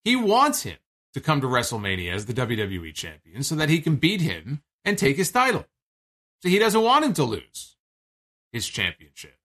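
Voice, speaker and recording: Give me a chatty man hosting a wrestling podcast, loose and rambling, with a bright, forceful voice. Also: medium pitch, huge pitch swings, moderate pace. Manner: rambling, chatty, with fillers and profanity. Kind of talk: casual recap commentary.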